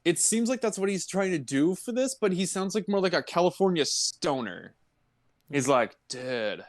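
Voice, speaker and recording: A man's voice: high-pitched, animated, moderate pace, no echo, studio quality. Laid-back podcast co-host man. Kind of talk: casual movie review chat.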